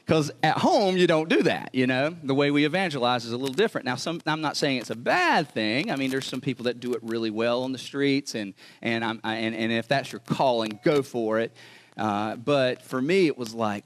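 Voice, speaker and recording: A man preaching a sermon, telling a story in a chatty, animated way and acting out the people in it. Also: mid-range voice, moderate pace. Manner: animated, chatty, laughs and acts out quotes. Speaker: pastor.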